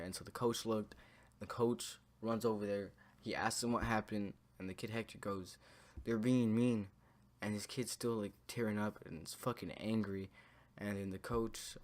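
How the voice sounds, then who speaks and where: A storytime vlogger, a young man whose voice sits on the low side, recalls his school days at a normal speed with fairly even intonation. His account wanders, is laced with profanity, and is thick with fillers.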